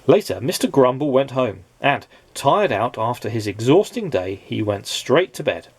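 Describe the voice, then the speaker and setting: A man reading a children's picture book aloud, lively and expressive, his pitch rising and falling a lot. His voice is a little husky and sounds close and dry. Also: moderate pace, no room sound. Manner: expressive storytelling. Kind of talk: children's storybook read-aloud.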